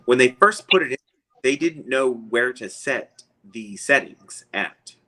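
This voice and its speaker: A man's voice: mid-range voice, expressive, measured pace, bright, forceful tone, poor audio. Chuckling man telling a rambling story. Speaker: guest. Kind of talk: casual storytelling.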